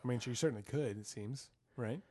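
A man's voice: mid-range voice, brisk, mellow, husky. A man co-hosting a podcast in casual chat, throwing in wry, joking asides. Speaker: podcast co-host.

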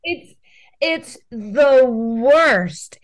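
A woman comedian chats as a podcast guest, spinning wry, comic stories. Her voice sits a little high. She takes her time, letting each line land. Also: animated, drawn-out words. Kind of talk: casual podcast chat.

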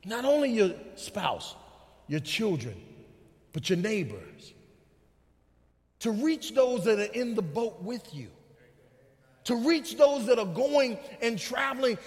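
A man with a very high voice preaches in a church sanctuary, and a long reverb trails after his words. He moves between relaxed, folksy asides and shouted preaching. This is a guest pastor delivering a sermon. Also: slow pace, pauses often.

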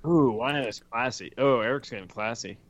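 A man's voice: mid-range voice, wildly swooping pitch, normal speed, creaky, no echo, highs cut off. A man hosting a casual chat on a call, rambling and teasing his friends. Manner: rambling, teasing, restarts sentences. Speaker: podcast host.

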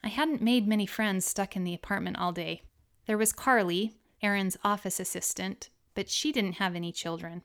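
A woman narrating her own memoir in an audiobook reading, with expressive storytelling. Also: mid-range voice, moderate pace, clean tone.

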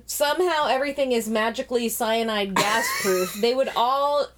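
A woman's voice: fairly high pitch, moderate pace, noisy background. A woman in a casual chat, reviewing a movie in an exasperated, scathing and sarcastic way.

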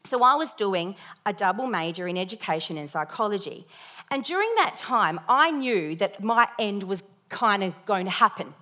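Bright-voiced woman telling a testimony. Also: medium pitch, moderate pace. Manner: lively, expressive storytelling with self-deprecating humor. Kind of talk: personal testimony in a sermon.

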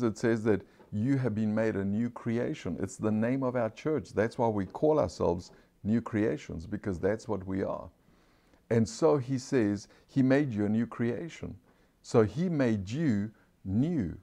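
A pastor with an accent preaching a sermon, slowing right down to stress key phrases, calling out for amens and putting questions to the congregation. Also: male voice, lowish voice, dark tone. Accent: non-standard English accent.

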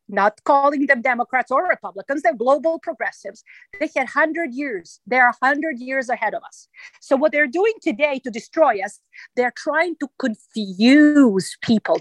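A woman's voice: sits high, no echo, rough recording. A woman with a Serbian accent, speaking emphatically and passionately as a guest in a radio interview.

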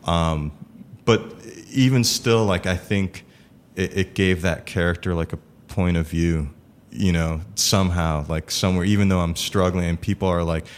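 Deep-voiced man, halting and thoughtful. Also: a little hiss or hum. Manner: halting, many fillers and restarts. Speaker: improv performer. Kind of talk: casual conversation.

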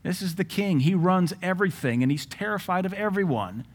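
A middle-aged man, a pastor preaching a sermon in a lively way, acting out quoted voices and adding joking asides. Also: sits high, fairly quick. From Southern US.

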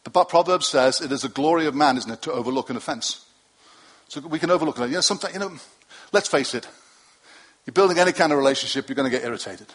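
A man's voice: on the high side, quick pace, fairly bright tone, breathy edge. A middle-aged male pastor preaching to his congregation in a loose, conversational way, with asides and self-deprecating jokes. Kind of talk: sermon. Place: church hall with a congregation.

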